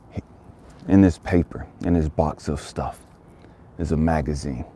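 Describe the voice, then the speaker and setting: A man's voice: a bass voice, warm tone, slight background noise. A man telling a motivational story, emphatic and fond of repeating phrases for effect. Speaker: motivational speaker.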